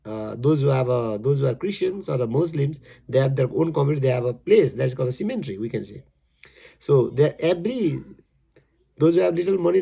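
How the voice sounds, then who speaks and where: A man explaining his poem in halting, emphatic English, repeating his words as he goes. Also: medium pitch, animated, creaky, dark tone, husky. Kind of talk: casual spoken explanation.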